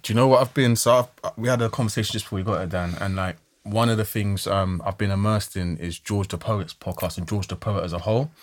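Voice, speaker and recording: A man hosting a casual podcast chat, telling a story in a relaxed, rambling way. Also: fairly low pitch, fast, few pauses.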